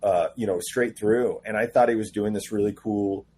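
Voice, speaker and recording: A man guest on a casual podcast interview, telling animated stories and acting out quoted dialogue. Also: fairly low pitch, normal speed, slight background noise. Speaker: comic book writer guest.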